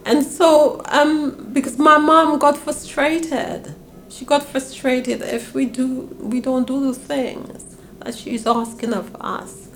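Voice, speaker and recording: A woman's voice: measured pace, a little hiss or hum. An older woman from Grenada, telling stories about her past in an interview and acting out her parents' voices. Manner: animated, acts out her parents' voices with big pitch swings. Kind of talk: reminiscing storytelling.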